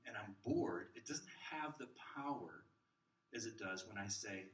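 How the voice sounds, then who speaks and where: A middle-aged man teaching a workshop on talking with children, lively and joking, acting out examples in different voices. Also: medium pitch, moderate pace. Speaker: children's ministry trainer. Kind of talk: teaching a workshop to a live group. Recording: roomy hall sound from a distant mic.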